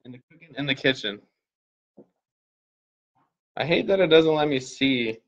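A man's voice: mid-range voice, animated, moderate pace, muffled recording. A man hosting a casual livestream, joking with viewers and swearing freely. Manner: joking, profane, talks straight to viewers. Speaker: livestream host and parent.

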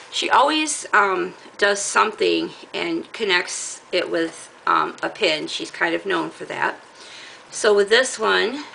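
A middle-aged woman with a gravelly voice, casually chatting as she shows off fabric from a craft haul, rambling and laughing often. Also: mid-range voice, pushed and bright, a little hiss or hum, low-quality recording. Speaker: crafting channel host. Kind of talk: casual haul show-and-tell.

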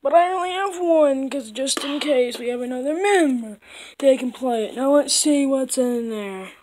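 A woman's voice: sits high, moderate pace, darkish tone, slight background noise, poor audio. A woman voicing every character of a homemade comedy skit, playful and stammering, often repeating her words. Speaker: amateur movie maker voicing all characters.

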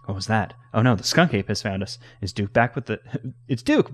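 A man's voice: fairly low pitch, animated, moderate pace. A young man casually commenting on a game he is playing into a home microphone, rambling and stumbling over restarts. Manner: rambling, with many stammered restarts. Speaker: let's player.

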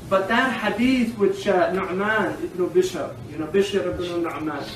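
A man teaching Islamic law in an informal classroom lecture, animated and digressive, often laughing. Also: high voice, a little slow. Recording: echoey room, distant mic, faint hiss.

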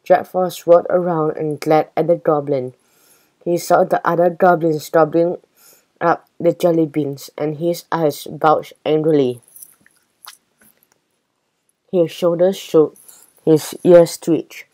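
A woman reading a children's chapter book aloud in slow, even storytelling. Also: sits low, low-quality recording. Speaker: storybook reader.

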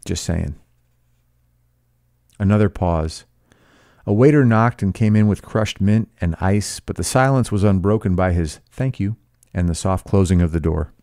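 Deep, gravelly man reading with sarcastic asides. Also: moderate pace, pauses often, dark tone, no room sound, clean studio sound. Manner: blunt, sarcastic, profane. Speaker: teacher reading a novel aloud. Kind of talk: reading aloud with commentary.

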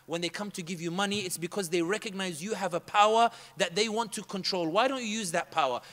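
A man telling a story to a room in a fast, emphatic way, slipping Arabic phrases into his speech. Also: high voice, bright, forceful tone, in a large hall. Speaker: public speaker. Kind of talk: animated storytelling talk.

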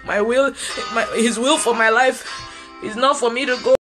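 High-voiced woman preaching earnestly online. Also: fairly even intonation, normal speed, music in the background. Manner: earnest, personal, repeats lines for emphasis. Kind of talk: livestreamed sermon to online viewers.

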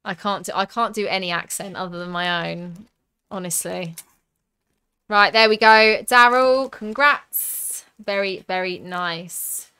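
A young woman from the south of England hosts a live stream, talking through each card she pulls and answering viewers' comments. Her voice is bright and smooth. She speaks at an unhurried pace. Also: mid-range voice. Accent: southern English. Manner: chatty, reads out cards and viewer comments. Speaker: streamer opening card packs.

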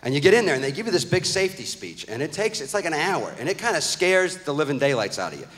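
A middle-aged man doing a stand-up comedy routine, telling a story with profane, animated outbursts. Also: fairly high pitch, fast. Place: live comedy venue with audience. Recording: echoey live hall recording.

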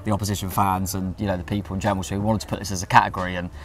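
Man, low voice, rapid talk, casual chat, enthusiastic co-host. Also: little pitch movement. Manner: rapid, restarts a lot, enthusiastic. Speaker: fan channel co-host.

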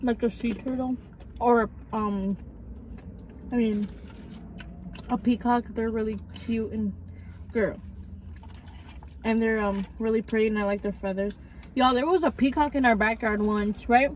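A woman's voice: on the high side, fairly even intonation, unhurried, long pauses, a little hiss or hum, rough recording. Chatty teen girl eating on camera. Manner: chatty, slangy, talks with mouth full. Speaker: vlog host. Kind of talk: casual mukbang chat.

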